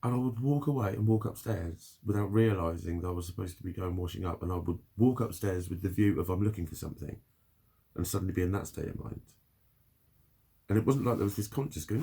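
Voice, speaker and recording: Gravelly low-voiced man. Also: normal speed, dark tone. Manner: rambling, heavy swearing, frequent laughs. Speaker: vlogger. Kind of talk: casual spoken diary.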